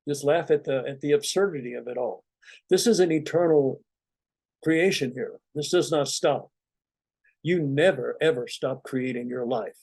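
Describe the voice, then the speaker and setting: A man talking to his students as a meditation teacher, in a loose, rambling conversational way. His voice is mellow and soft-edged, and the recording is dry and close, with no room sound. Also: mid-range voice, moderate pace, vocal fry, slightly rough, no room sound. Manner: relaxed, rambling, conversational, many "you know"s. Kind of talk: informal spiritual talk to students.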